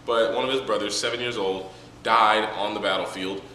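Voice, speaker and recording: A man's voice: lowish voice, fairly even intonation, a little fast, bright, forceful tone, recorded from a distance, a little hiss or hum. Rambling joking man in an echoey room. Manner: rambling, joking, many fillers. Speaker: manga reviewer. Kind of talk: casual spoken review.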